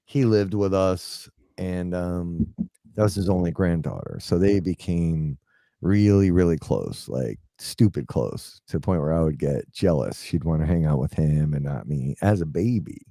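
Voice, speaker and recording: With a deep, gravelly yet mellow voice at a moderate pace, a forties-aged man wanders through a personal anecdote, heavy on fillers and frequently voicing other people's lines. The recording is dry and studio-clean.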